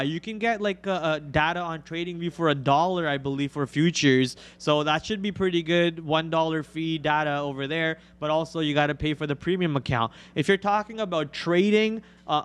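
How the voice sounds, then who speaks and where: A man's voice: on the high side, clear, resonant tone. A man with a Canadian accent co-hosting a trading livestream, chatting casually and joking, with plenty of fillers. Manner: joking, rambling, lots of fillers.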